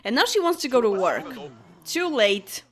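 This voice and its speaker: A woman's voice: on the high side, sing-song, normal speed. Chatty young woman narrating her gameplay. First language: Polish. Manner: chatty, laughs often, talks to her game characters. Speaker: gameplay commentator. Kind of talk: casual let's-play commentary.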